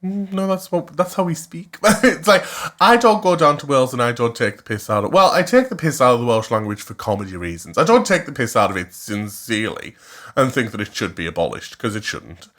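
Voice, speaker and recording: A man in his twenties with a Cumbrian accent, co-hosting a casual podcast and telling stories in an animated, flamboyant way, laughing often and jumping up high for quoted lines. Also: fairly quick. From West Cumbria, England. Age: 20s. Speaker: podcast co-host. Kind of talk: casual chat, storytelling.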